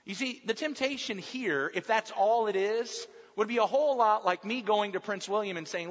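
A man's voice: high-pitched, moderate pace, hardly any pauses, fairly bright tone. A male preacher giving an emphatic sermon, building his points through repeated lists. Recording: muffled recording, long hall reverb.

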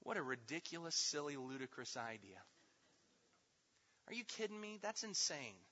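A man preaching a teaching sermon, emphatic, swinging between loud stressed words and hushed asides. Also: on the high side, very animated, normal speed. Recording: dull sound with long hall reverb.

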